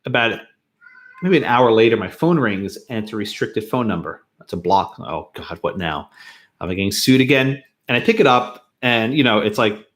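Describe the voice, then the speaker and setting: A man's voice: lowish voice, moderate pace. A man from New York, a law professor, telling a personal story to his class with frequent chuckles and restarts. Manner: animated storyteller, chuckles often, self-interrupts. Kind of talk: lecture with a personal anecdote.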